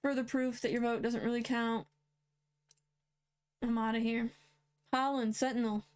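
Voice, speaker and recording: A woman's voice: on the high side, level tone, unhurried, a little mellow, clean tone. A woman hosting a news roundup, reading headlines aloud and adding blunt, sarcastic comments. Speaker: host.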